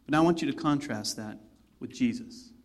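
A man's voice: mid-range voice, fairly quick. A man preaching a sermon, retelling a story in a conversational way with asides. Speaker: pastor.

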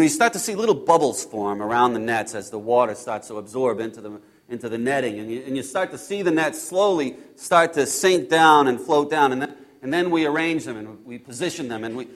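A man playing Peter, a hot-tempered fisherman, telling his story in the first person with halting, repeated words, hushed one moment and loud and exasperated the next. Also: high voice. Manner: swings between hushed awe and loud exasperation. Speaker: actor in a first-person biblical monologue.

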